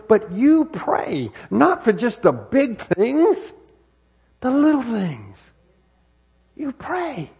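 Husky, animated American preacher man. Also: high voice. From United States. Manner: conversational preaching with frequent rhetorical questions and repetitions. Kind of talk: sermon. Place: church sanctuary. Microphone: wireless microphone worn on body.

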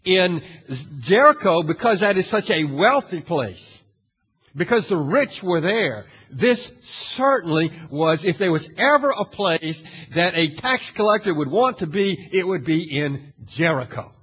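A male pastor preaching a sermon in a dramatic way, asking the audience questions and swinging from hushed to loud. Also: sits high, expressive, unhurried, slightly rough. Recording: long hall reverb.

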